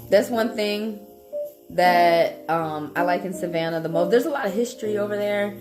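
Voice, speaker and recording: A woman's voice: mid-range voice, moderate pace. Blunt, profane woman. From Atlanta, Georgia, US South. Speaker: live tarot reader. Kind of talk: casual livestream chat with viewers. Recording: echoey room with background music.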